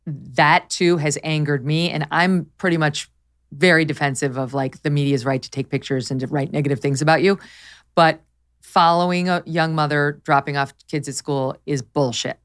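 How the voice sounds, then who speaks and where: A woman hosts a podcast in a low-pitched voice, delivering opinionated casual chat into a studio mic. She's emphatic and quick, animated, and laughs often.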